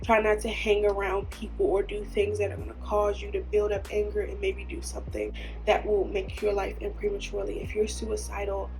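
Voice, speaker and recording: A woman's voice: medium pitch, little pitch movement, brisk, over music. A woman hosting her own podcast, talking earnestly and emotionally, tearful at times. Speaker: podcast host. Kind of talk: heartfelt solo podcast talk.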